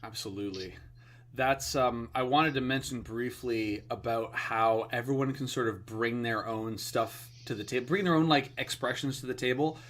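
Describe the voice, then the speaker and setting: Podcast co-host, man, mid-pitched, enthusiastic rambler. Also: moderate pace, a bit bright, a little hiss or hum. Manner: rambling, enthusiastic, many fillers. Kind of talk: casual podcast chat.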